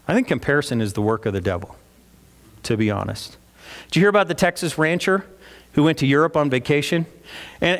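A pastor delivering a sermon in a conversational way, putting questions to the congregation. His male voice sits fairly high. A long church-hall reverb trails each phrase. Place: church sanctuary.

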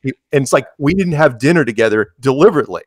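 A man's voice: medium pitch, lively intonation, fast talker, no echo, studio quality. A man in casual conversation, telling long stories with many restarts and acted-out quotes. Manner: rambling, restarts, acts out quoted dialogue. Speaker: interview guest.

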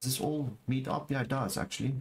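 A man streaming a game live, talking to his chat and exclaiming over what he finds, with low murmurs that jump to excited shouts. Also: fast. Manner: excitable, repeats phrases, talks to chat. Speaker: gaming streamer. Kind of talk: live gameplay commentary.

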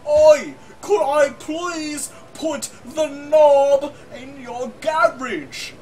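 A man putting on a leering character with an exaggerated fake Cockney accent, shouting and drawing his words out slowly. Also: extremely high pitch, fairly even intonation, far from the mic, slight background noise, pitched above the performer's own voice, exaggerated voice. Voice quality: loud, shouting "Oi!" in a drawn-out voice.

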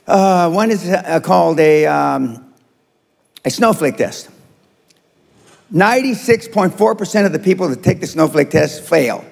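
A man's voice: fairly high pitch, expressive, a little slow, creaky, pauses often. An older man giving a motivational seminar talk to a live audience, blunt, profane and confrontational. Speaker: seminar speaker. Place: large seminar hall with audience. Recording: reverberant live hall recording.

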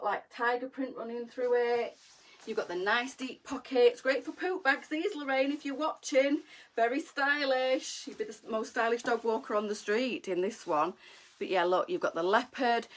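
A woman's voice: fairly high pitch, fairly bright tone. Chatty woman selling coats live. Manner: chatty, bubbly, greets viewers by name. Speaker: fashion boutique live seller. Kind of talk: live sales chat to viewers. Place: indoors, live video stream.

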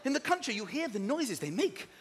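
A man doing a stand-up comedy routine on a theatre stage, acting out scenes with sudden shouts and silly animal noises. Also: very high-pitched, very animated, fairly quick. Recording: live theatre recording with audience noise. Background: audience laughter.

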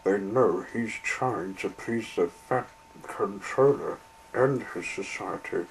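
A man reading a children's story aloud in a slow, deliberate way. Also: on the low side, creaky, slight background noise, poor audio.

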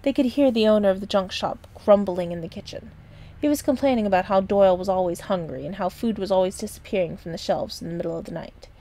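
A woman reading a children's chapter book aloud in a gentle voice. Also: mid-range voice, fast talker. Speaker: storyteller.

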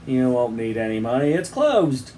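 A man voicing a brisk, commanding old great-uncle in a read-aloud story. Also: mid-range voice, very animated, mellow, a little hiss or hum, close to an everyday voice.

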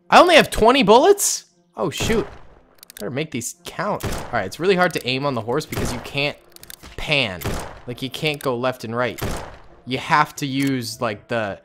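A young man giving casual let's-play commentary as a gaming host, excitable and loud as he rallies troops. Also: medium pitch. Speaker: gaming YouTuber. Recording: game music and gunfire behind.

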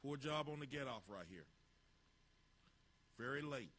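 A man's voice: medium pitch, animated, measured pace, a bit bright. A man coaching football, narrating drill footage with blunt, clipped instructions and critiques.

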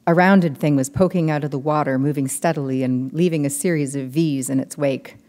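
A woman novelist reading her book aloud in measured, steady narration. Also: sits low, big-room sound.

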